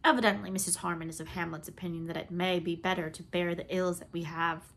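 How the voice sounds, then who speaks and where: Woman voicing a dreamy young bride-to-be, whimsical, sentimental, lively, on the low side, audiobook dialogue. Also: fast. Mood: wistful. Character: bright, dreamy, humorous young woman about to marry.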